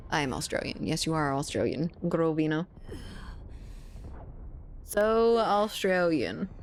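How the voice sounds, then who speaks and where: A woman's voice: low voice, lively intonation, a little fast, slight background noise. A woman in her twenties from South Louisiana, streaming a shooter game and chatting casually with viewers, joking and swearing often. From South Louisiana, USA. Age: 20s. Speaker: gaming streamer. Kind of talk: casual chat while playing a shooter and reading chat. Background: faint game gunfire.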